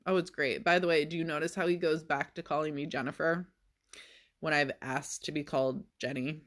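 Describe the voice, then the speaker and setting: A woman's voice: low voice, steady tone, a little fast, fairly bright tone. A woman vlogging in a casual monologue, telling a story in a sarcastic, exasperated way.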